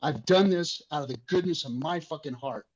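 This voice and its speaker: A man's voice: fairly high pitch, fairly quick, husky. Emotional swearing man, lo-fi audio. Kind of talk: impassioned community discussion.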